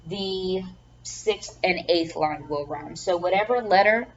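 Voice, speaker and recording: A lower-voiced woman teaches a lecture and leans on ums and repeated words as she explains. The recording sounds dull and lo-fi, with a faint hiss of background noise behind her. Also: slow pace. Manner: repeats words, frequent ums, checks with "okay?". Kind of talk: classroom lecture.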